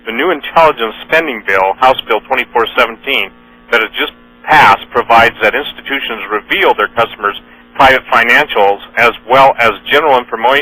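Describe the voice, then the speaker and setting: A man's voice: mid-range voice, moderate pace, pushed and bright, a little hiss or hum, low-quality recording. A man hosting a radio talk show, reading news items and quotes aloud in an earnest manner, often correcting himself mid-sentence. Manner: earnest, with frequent fillers and self-corrections.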